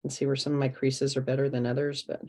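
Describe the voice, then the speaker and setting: A woman's voice: extremely low pitch, flat delivery, fast, a little mellow. A woman walking an online workshop through a craft project step by step, chatting as she works over a video call. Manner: chatty, step-by-step explaining while working. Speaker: art teacher leading a craft workshop.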